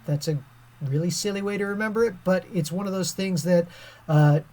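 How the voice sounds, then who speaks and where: A woman's voice: lowish voice, fairly quick, dark tone. A woman teaching a science lesson over a screen recording, chatty and casual with many fillers.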